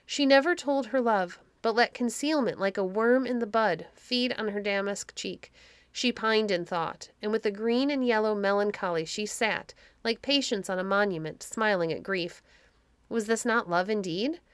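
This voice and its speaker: A woman reading aloud, voicing a gentle, meek young woman disguised as a page, speaking softly and wistfully. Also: mid-range voice, normal speed, clear, resonant tone, dry recording, close to an everyday voice.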